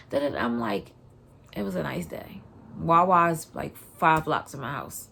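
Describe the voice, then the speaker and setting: A woman tells a story in a casual vlog. Her voice sits low and has some gravel in it, but the pitch swings widely. She grows loud and animated as she relives the moment. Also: moderate pace, slight background noise. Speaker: vlogger.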